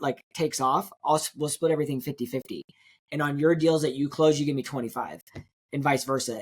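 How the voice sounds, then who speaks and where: A man, a real estate agent guest in an interview, telling a story in a quick, animated way and acting out what people said. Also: on the high side, breathy edge. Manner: fast, animated storytelling, acts out quotes.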